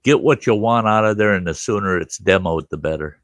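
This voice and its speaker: A man's voice: lowish voice, a little fast, fairly bright tone, no echo. A man hosting a casual livestream chat, laid-back and salty, joking with his guests. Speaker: host of the livestream.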